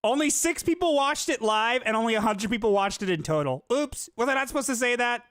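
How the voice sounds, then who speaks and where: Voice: mid-range voice, expressive, a little fast, a bit bright, clean tone, dry recording. A host of a commentary show, talking sarcastically and mockingly to the audience. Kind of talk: comedic commentary.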